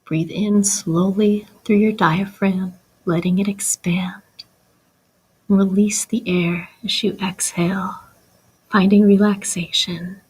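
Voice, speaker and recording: A woman voicing a calm female meditation guide in a whispered role-play, slow, soft and half-whispered. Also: mid-range voice, slightly rough, low-quality recording. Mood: soothing.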